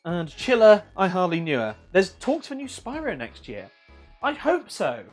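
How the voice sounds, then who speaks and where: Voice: mid-range voice, huge pitch swings, normal speed. Sweary streamer just chatting away, voice bouncing up and down lots, bit of music in the back. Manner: chatty, swears, reads chat aloud. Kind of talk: casual live-stream chat.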